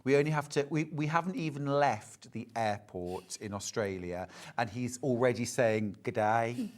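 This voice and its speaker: A woman's voice: a bass voice, moderate pace. A woman presenting a live TV shopping show, enthusiastically pushing limited stock and counting down what's left. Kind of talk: live TV shopping sales chat.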